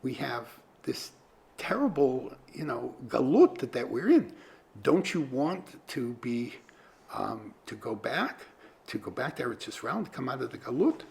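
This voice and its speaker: A man's voice: medium pitch, very animated, a little slow, vocal fry, darkish tone, pitched above the performer's own voice. A man voicing a fervent older Hasidic rebbe in a told story, earnestly beseeching.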